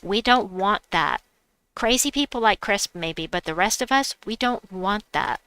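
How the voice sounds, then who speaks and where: A woman's voice: mid-range voice, expressive, unhurried, bright, forceful tone, clear, resonant tone. A middle-aged woman hosting a game live stream, chatting casually, reading chat aloud and laughing at herself. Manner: chatty, giggly, self-mocking. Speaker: livestream gamer host.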